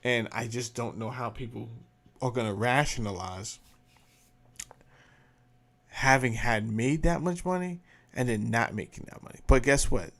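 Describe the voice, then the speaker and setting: A male show host with a gravelly, fry-laden voice, ranting in a blunt, profane and emphatic way. His delivery is casual commentary, loose and forceful in its points. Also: medium pitch, unhurried.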